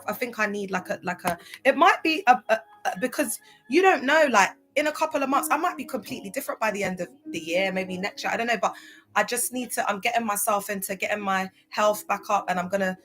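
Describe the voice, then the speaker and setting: A woman's voice: medium pitch, fairly bright tone. A woman speaking out in a casual vlog monologue, impassioned, sometimes spelling out words letter by letter. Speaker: former church member speaking out.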